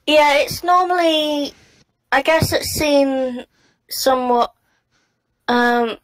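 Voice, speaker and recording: A woman's voice: sits high, slow pace, low-quality recording. English woman explaining in a chatty way. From England. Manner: thoughtful, searching for words. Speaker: podcast co-host. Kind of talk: casual podcast chat.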